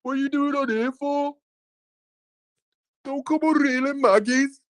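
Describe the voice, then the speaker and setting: A man putting on a swearing, angry male chat troll with a Birmingham accent, voiced high and sneering. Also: steady tone, unhurried.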